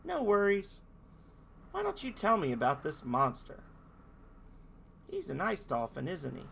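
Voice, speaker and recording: A man's voice: sits high, huge pitch swings, unhurried, vocal fry, fairly bright tone, slight background noise, pitched above the performer's own voice, heavily acted. Man doing a friendly young game hero.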